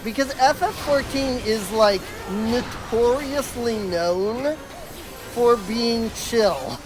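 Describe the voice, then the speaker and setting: Slow, rambling game streamer over faint music. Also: mid-range voice. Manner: exasperated storytelling, full of "like" and restarts. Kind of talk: casual rambling chat on a live game stream.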